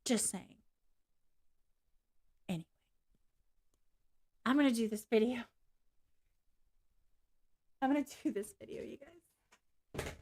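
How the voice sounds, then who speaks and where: A woman's voice: a little high, slow, long pauses, a little mellow, breathy edge. A woman live streaming to her viewers in a casual, candid rant, blunt and swearing freely, laughing along the way. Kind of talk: casual ranting livestream chat.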